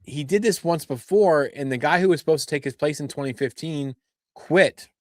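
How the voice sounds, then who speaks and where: A man's voice: on the high side, moderate pace, no echo, studio quality. A man co-hosting a fan podcast, joking and rambling as he sets up questions. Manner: joking, rambling, self-mocking. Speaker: podcast co-host. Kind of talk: casual chat.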